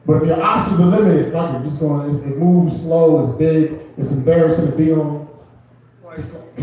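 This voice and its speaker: A man's voice: fairly high pitch, a little mellow, very echoey, recorded from a distance, poor audio. A man hosting an open mic and doing loose, rambling, self-mocking stand-up comedy in a club.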